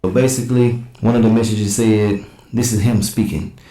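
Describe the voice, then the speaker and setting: A man with a lowish, mellow voice hosts a casual reaction show, reading text messages aloud in a plain back-and-forth and cutting in with blunt, slangy remarks. The sound carries an echoey room ring. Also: flat delivery, normal speed. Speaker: reaction channel host.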